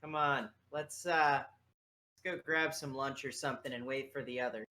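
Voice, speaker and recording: A game master voicing a gruff adventurer who dismissively waves off a young companion. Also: medium pitch, steady tone, normal speed, bright, forceful tone, lightly acted.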